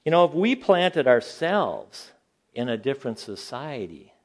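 An older man giving an informal sermon to a Bible class, telling stories animatedly, rising in pitch when incredulous and dropping low and quiet for asides. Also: big pitch swings, unhurried.

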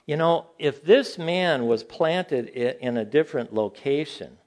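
An older man giving an informal sermon to a Bible class, telling stories animatedly, rising in pitch when incredulous and dropping low and quiet for asides. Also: animated, a little slow.

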